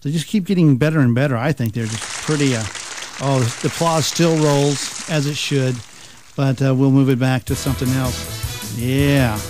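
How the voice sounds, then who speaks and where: A man's voice: mid-range voice, fairly even intonation, normal speed, over music, crowd noise. A man hosting a talk radio countdown, chuckling and joking with mocking asides. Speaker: radio talk show host.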